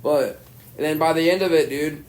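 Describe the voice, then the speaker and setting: A man's voice: a little high, moderate pace. A young comedian from Arkansas spins a long, rambling story on a podcast. He swears casually and leans on "dude" and "like" as he goes. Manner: rambling, profane, says "dude" a lot. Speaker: stand-up comedian, podcast guest.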